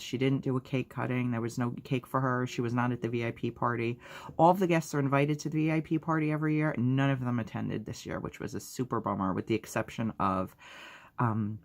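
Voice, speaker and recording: A woman vlogger talking casually to her viewers in a chatty, upbeat way, with lots of fillers and asides. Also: rumbling low. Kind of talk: casual vlog recap.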